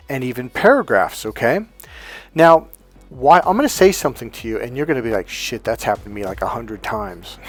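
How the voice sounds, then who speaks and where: A man in his fifties giving dating advice straight to camera, bluntly and casually swearing, acting out bits of dialogue as he goes. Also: mid-range voice. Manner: animated, acts out quoted dialogue. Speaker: dating coach. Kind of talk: direct-to-camera coaching monologue.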